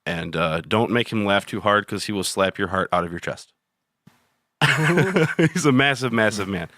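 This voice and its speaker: Male podcast co-host, lowish voice, casual and profane, dry close sound. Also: lively intonation, measured pace, sharp tone, no echo. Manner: rambling, profane, laughs easily. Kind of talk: casual chat.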